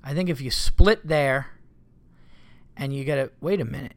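A comedian hosts a solo podcast, rambling casually, cursing often and growing exasperated easily. His voice is medium-pitched at a moderate pace, with no room sound.

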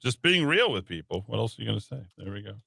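A sarcastic man hosts a talk radio show, teasing his callers bluntly. His voice is bright and lively, swinging up and down in pitch. The studio sound is close and dry. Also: fast, gravelly, husky, dry recording. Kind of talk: casual talk radio banter. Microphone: studio microphone.

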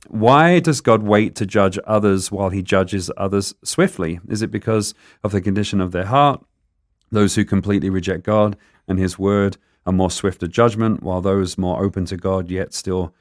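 A man's voice: fairly low pitch, fairly even intonation, moderate pace, no echo, clean studio sound. A man radio host with a non-American accent, friendly and laughing as he reads listener questions. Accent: non-American English. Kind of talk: casual radio chat.

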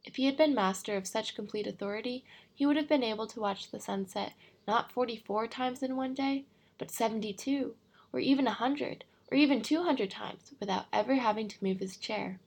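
Woman audiobook narrator, measured storytelling read, gravelly and husky, mid pitch. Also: darkish tone. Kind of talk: audiobook reading.

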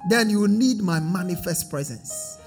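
A man's voice: sits high, expressive, unhurried, soft background music. A man preaching a sermon as pastor, drifting into a sing-song cadence and calling for the congregation to repeat after him.

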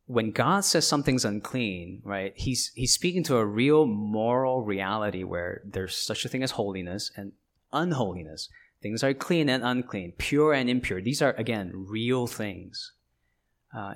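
A man's voice: on the low side, lively intonation, normal speed. A man, a pastor, preaching a sermon in a conversational way, often checking in with the listeners by asking "right?" and restarting his phrases.

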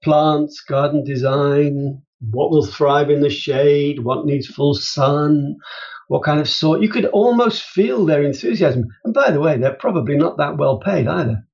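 A man speaking as an interview guest, telling lively stories and acting out quotes with big jumps in pitch. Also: a little slow, vocal fry. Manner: animated storyteller, jumps high in pitch for emphasis and quotes. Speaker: guest, business author. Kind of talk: conversational interview. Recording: dull lo-fi sound.

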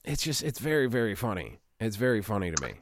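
A man's voice: fairly low pitch, very animated, fast talker. A man chatting casually as a podcast host, swearing often, laughing, and acting out other people's voices in quotes. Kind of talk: casual chat.

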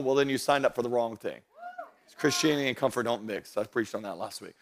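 Energetic pastor preaching a sermon. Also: male voice, medium pitch, fast, a little hiss or hum. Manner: energetic, rises to loud emphatic preaching; jokes with the congregation. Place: church stage before a congregation.

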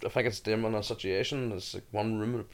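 A man's voice: on the low side, fairly even intonation, brisk. A man in a casual podcast chat, telling rambling stories and swearing a lot.

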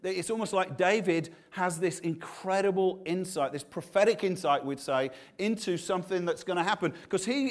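A man preaching a sermon, earnest and full of restarts and repeated words. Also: high voice.

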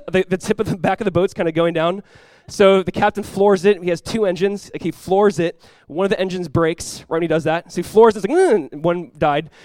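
A man, a pastor telling a lively personal story in a sermon, often laughing as he talks. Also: high voice, fairly quick, dry recording.

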